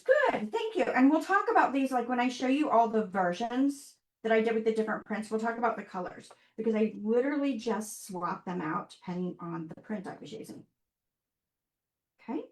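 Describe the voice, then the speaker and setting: A woman's voice: medium pitch, darkish tone, echoey room. A woman hosting a live online craft workshop, talking to viewers in a chatty, upbeat way as she works. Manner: chatty, upbeat, talks to viewers while working.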